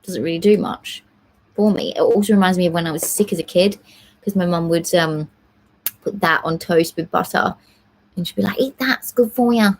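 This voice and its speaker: A young woman hosts a casual live Q&A from home, talking in a chatty, rambling way full of fillers. Her voice sits a little on the low side. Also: fairly even intonation, moderate pace, a little hiss or hum. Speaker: live stream host answering viewer questions.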